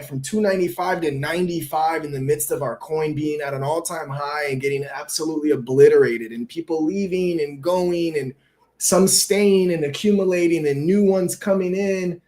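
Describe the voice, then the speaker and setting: A man's voice: a little high, moderate pace, warm tone. A man hosting a casual livestream, talking loose and slangy with frequent swearing. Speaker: livestream host.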